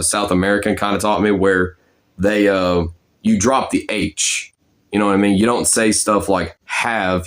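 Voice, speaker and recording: A young man rambling casually about practicing character voices, with lots of fillers and restarts. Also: on the low side. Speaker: amateur voice impressionist.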